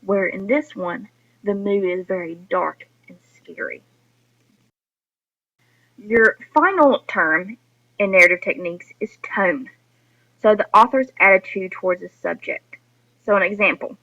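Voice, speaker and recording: A woman teacher walks her students through a recorded lesson, explaining each point patiently and speaking straight to them. Her voice is bright and clear in tone. The recording itself sounds a little dull and lo-fi. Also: mid-range voice, unhurried.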